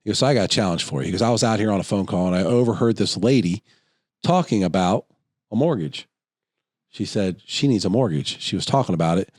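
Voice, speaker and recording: A man's voice: lowish voice, fast, no room sound, clean studio sound. A middle-aged man co-hosting a podcast, telling a long anecdote in casual chat and acting out other people's voices as he goes. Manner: animated storyteller, acts out voices in anecdotes. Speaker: podcast co-host.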